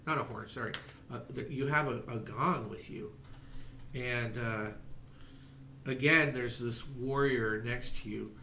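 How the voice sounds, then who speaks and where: Slow, gravelly game master. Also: male voice, medium pitch, bright, forceful tone, reverberant, a little hiss or hum. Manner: halting, many fillers. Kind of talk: narrating a tabletop game.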